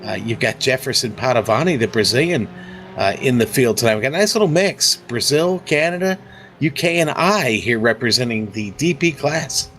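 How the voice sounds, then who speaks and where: A man's voice: medium pitch, expressive, moderate pace, fairly bright tone, a little hiss or hum. A man co-commentating a sim race who also drives in it, talking in a casual, friendly way as he reads the grid. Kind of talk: sim racing broadcast commentary.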